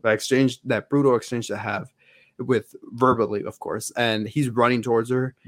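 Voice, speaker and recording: A male podcast co-host chats casually with fans, rambling with plenty of fillers and restarts. His voice is medium-pitched with fairly even intonation and normal speed, recorded dry in studio quality.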